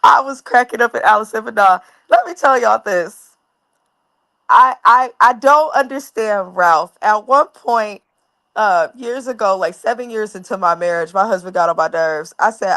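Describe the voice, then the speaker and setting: A woman's voice: medium pitch, normal speed, pushed and bright. A married woman co-hosting a casual TV recap, speaking bluntly and frankly. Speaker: recap show co-host.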